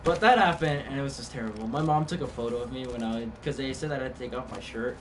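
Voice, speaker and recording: Young man, casual stream chatter, rambling, mid-pitched voice, set back from the mic, steady background noise. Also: fast, far from the mic. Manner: rambling storytelling with many fillers and restarts. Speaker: game streamer. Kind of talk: casual live-stream chat.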